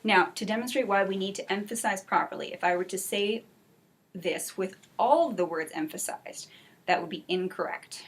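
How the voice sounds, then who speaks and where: A woman teaching an English class for adult learners, speaking clearly and encouragingly, and modeling example sentences slowly. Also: medium pitch. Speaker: ESL teacher.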